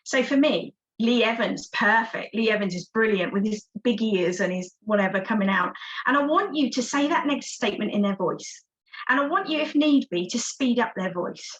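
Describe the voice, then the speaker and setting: A woman's voice: fairly high pitch, animated, normal speed, fairly bright tone, rough recording. A woman, a success coach giving an encouraging, interactive online workshop talk over a video call. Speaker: success coach, guest speaker.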